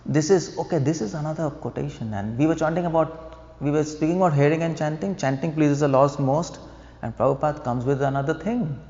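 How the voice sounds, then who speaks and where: A preacher with a warm, brisk voice on the high side delivers a devotional lecture in a temple hall. He explains points, asks the crowd rhetorical questions, and chuckles at his own jokes, captured in a dull, lo-fi recording with hall echo.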